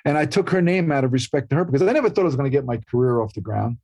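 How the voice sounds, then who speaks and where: A man's voice: medium pitch, lively intonation, racing, a little mellow, no echo. An older man, a guest telling emotional family stories and acting out his parents' voices. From New York. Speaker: actor guest. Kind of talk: emotional storytelling.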